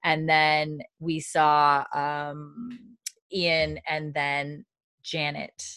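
A woman's voice: sits low, level tone, extremely slow, fairly bright tone, smooth. A woman co-hosting a casual chat, retelling scenes at length with many fillers and acting out the characters' lines. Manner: acts out quoted lines with a put-on Scottish lilt. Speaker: podcast co-host recapping an episode.

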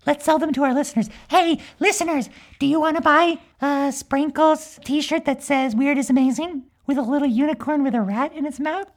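Woman playing a high, giggly little unicorn girl for a comedy podcast, rambling and mischievous. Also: normal speed, few pauses, close to an everyday voice. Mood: chatty. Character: cheerful young magical unicorn girl, mischievous. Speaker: podcast character. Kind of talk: improvised comic storytelling.

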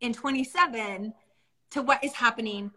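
A woman's voice: on the high side, moderate pace, sharp tone. A young adult woman co-hosting a casual faith discussion, earnest and storytelling. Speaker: podcast co-host.

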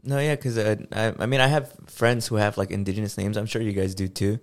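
A man's voice: fairly low pitch, quick pace. A man from the United States co-hosting a podcast, talking casually and loosely with lots of fillers. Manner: relaxed, loose, heavy use of fillers. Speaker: podcast co-host.

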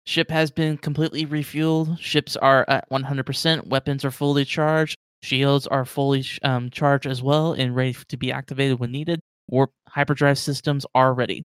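A man voicing a calm, polite starship AI that gives formal status reports in a tabletop game. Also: medium pitch, moderate pace, few pauses, clean tone, dry recording, studio quality, natural voice. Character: calm polite shipboard AI, female-named. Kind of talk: tabletop role-play.

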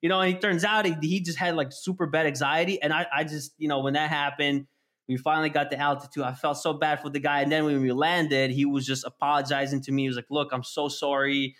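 A man telling an animated, casual story, full of fillers and swearing. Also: fairly high pitch, fast. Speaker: storyteller guest. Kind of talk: casual chat.

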